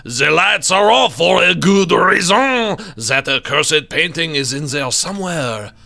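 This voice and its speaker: A man's voice: a little high, expressive, normal speed, fairly bright tone. A man voicing an anxious, paranoid male painter in a video game, talking in a jittery, pleading way. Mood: frantic.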